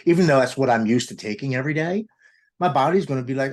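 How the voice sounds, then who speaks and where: A man's voice: mid-range voice, fast. A man in his forties from Maryland, telling an emotional personal testimony as an interview guest and quoting his own past thoughts aloud. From Maryland, United States.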